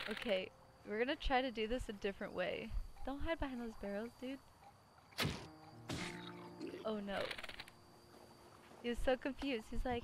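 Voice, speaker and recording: A woman's voice: fairly high pitch, normal speed, long pauses. A young woman streaming a video game live, chatting and giggling, cooing at enemies in a baby voice. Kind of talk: live gameplay commentary. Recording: music playing under the voice.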